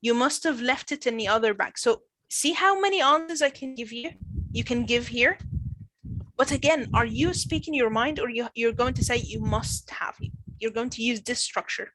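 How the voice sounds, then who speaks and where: A woman's voice: a little high, moderate pace, fairly bright tone, slight background noise, low-quality recording. A woman teacher running an online training session, explaining drilling and modelling example sentences with repeated phrases.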